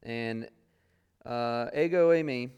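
A man's voice: mid-range voice, slow, darkish tone, clean tone, highs cut off. Man teaching a casual Bible class. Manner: conversational, many fillers, reads scripture aloud then explains.

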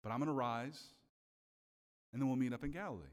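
A man voicing Jesus as a calm man calmly laying out a plan in an everyday conversational tone. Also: mid-range voice, a little fast, lightly acted. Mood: matter-of-fact. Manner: plain conversational retelling. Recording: long hall reverb.

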